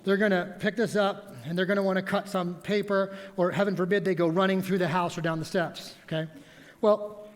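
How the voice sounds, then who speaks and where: A man preaching a sermon as pastor, telling stories with animated energy and props. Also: high voice, fairly quick. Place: church sanctuary. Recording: long reverb of a church hall.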